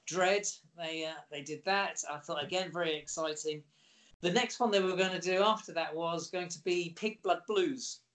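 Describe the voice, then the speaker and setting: A lively middle-aged man chatting as a guest, with a voice pitched a bit higher than most men's. He tells anecdotes in an animated, high-energy way. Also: normal speed. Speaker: actor guest. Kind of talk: casual interview anecdotes.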